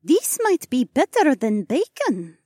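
A male narrator voicing a curious, formal female alien who speaks in halting phrases. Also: very high voice, wildly swooping pitch, a little mellow, no echo, clean studio sound, voice pushed up, heavily acted. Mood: earnest. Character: curious, stiff female alien learning human ways.

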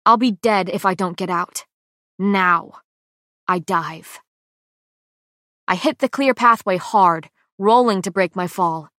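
A woman reads a first-person audiobook in a tense, dramatic manner, often dropping to hushed lines. Her voice sits at an ordinary middle pitch. The booth recording is close-miked and completely dry, with no room sound. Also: slow pace, pauses often, no room sound. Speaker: audiobook narrator.

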